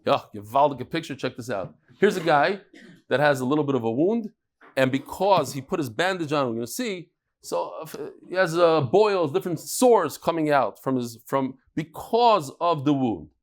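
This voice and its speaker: A man leads a daily Talmud class. His voice sits a little high, and he moves quickly between explaining a case and telling a folksy joke, sprinkling in Yiddish words. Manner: lively storytelling with jokes and Yiddish words. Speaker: Talmud teacher.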